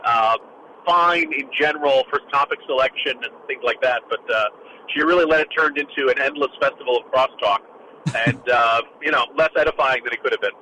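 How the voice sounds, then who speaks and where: A man talking casually as a political commentator, animated and jokey, with quick asides. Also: mid-range voice, a little hiss or hum, low-quality recording.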